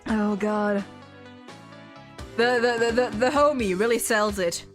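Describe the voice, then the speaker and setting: A woman's voice: a little high, steady tone, slow, faint music behind. A woman in her twenties commenting casually on a game she is playing, giggly and breathless, gushing with exclamations. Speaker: streamer.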